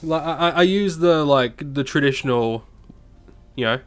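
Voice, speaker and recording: A man's voice: a little high, moderate pace, smooth. An Australian man with a cold, rambling and swearing constantly as he chats casually over his gameplay. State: has a cold. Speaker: gameplay commentator.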